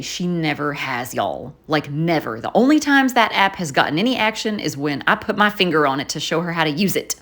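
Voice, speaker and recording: A chatty woman vlogger tells a rambling story in a casual way, filling it with little asides and "um"s. Her voice sits on the low side, but her pitch swings widely and expressively. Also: big pitch swings, fairly quick, few pauses, a bit bright. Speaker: journaling vlogger.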